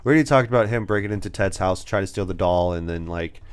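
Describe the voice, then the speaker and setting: Low smooth-voiced young man recapping a movie. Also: fast. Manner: rambling, acts out scenes in voices. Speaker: podcast co-host. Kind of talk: casual movie review chat.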